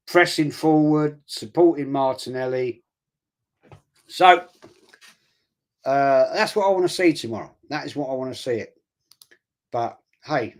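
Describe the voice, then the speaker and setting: Bloke chatting on a live stream, rambly, keeps restarting, calls everyone mate. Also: male voice, medium pitch. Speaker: fan channel host. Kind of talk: casual live-stream chat reading viewer comments.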